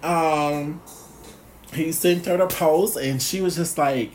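A man chatting casually on his vlog, animated, swearing freely and laughing often. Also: fairly high pitch, measured pace. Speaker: blogger.

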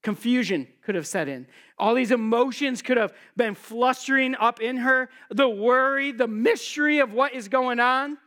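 A man's voice: very high-pitched, moderate pace, hardly any pauses, bright, forceful tone. A man preaching a sermon in a conversational way, posing rhetorical questions to his listeners and slipping in jokes. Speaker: pastor.

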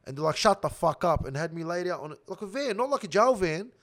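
A young Australian man telling a rough prison story in casual slang, swearing constantly. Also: high voice, fast talker. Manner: swears heavily, animated slang-filled storytelling.

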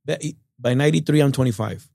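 A middle-aged man from Texas, telling stories in a relaxed, rambling way as an interview guest. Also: medium pitch, fast, vocal fry, no echo, studio quality. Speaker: guest musician. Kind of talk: casual storytelling interview.

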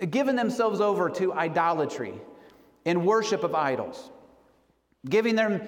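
A man preaching a sermon, telling a story earnestly and slowing down for emphasis. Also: high-pitched. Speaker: pastor. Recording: long hall reverb.

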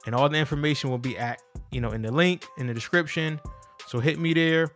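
A man's voice: a little high, brisk, a bit bright, soft background music. A man hosting his own podcast, talking in an earnest, casual motivational monologue and repeating phrases for emphasis. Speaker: podcast host.

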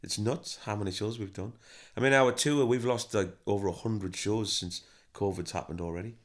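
A man's voice: on the low side, moderate pace. A man, a band member who also manages the band, telling stories casually in an interview and acting out what people said. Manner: chatty, animated storytelling with acted-out quotes.

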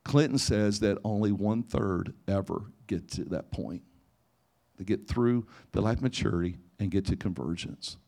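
The sermon comes from a pastor with a lowish, gravelly voice and a dark tone, speaking at a moderate pace. He shares personal stories and acts out conversations, frequently beginning again.

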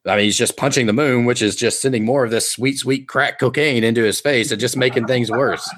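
A man's voice: mid-range voice, steady tone, fairly quick, crowd noise. A man narrating a comedic tabletop game as game master, playful, briefly putting on voices for characters.

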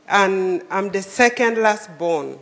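A woman from northern Uganda giving a talk in short, sincere phrases, pausing for an interpreter. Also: medium pitch, expressive. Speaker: guest speaker. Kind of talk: speech with live interpreter. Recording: reverberant hall.

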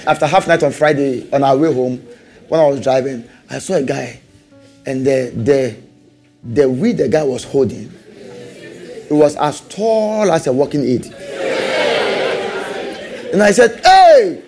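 A man preaching a sermon, animated, repeating rhetorical questions and laughing often. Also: medium pitch, measured pace, long pauses, faint music behind.

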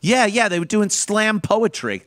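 A man's voice: sits high, big pitch swings, unhurried. A man hosting a radio talk show, ranting casually and swearing often. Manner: loud, rants, swears a lot. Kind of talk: profane casual radio banter.

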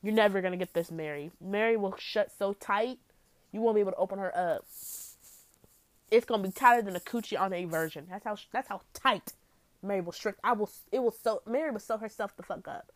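A woman's voice: medium pitch, brisk, no echo. Blunt, profane young woman vlogging. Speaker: vlogger giving dating advice. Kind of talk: casual vlog monologue.

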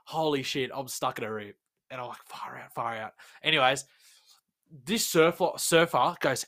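A young Australian man co-hosting a casual podcast, telling rambling stories and laughing loudly. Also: on the high side, normal speed. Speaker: podcast co-host. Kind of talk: casual banter.

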